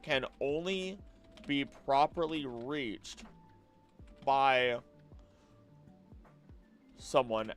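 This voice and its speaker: A man's voice: medium pitch, expressive, extremely slow, long pauses, soft background music. A young man streaming late at night, chatting casually and thinking aloud, often restarting his sentences and drifting off topic. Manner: rambling, easily distracted, musing aloud with many restarts.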